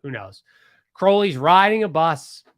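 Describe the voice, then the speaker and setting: A man's voice: fairly high pitch, expressive, unhurried, no echo, clean studio sound. A man from Pennsylvania hosting a podcast, telling a history story casually and animatedly, with many restarts and asides. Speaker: podcast host.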